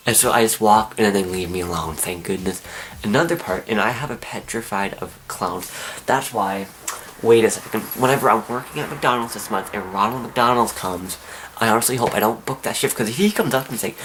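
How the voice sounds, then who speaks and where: Excitable young man rambling to camera. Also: lowish voice, poor audio. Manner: rambling, excitable, halting restarts. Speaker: vlogger. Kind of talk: casual storytelling to camera.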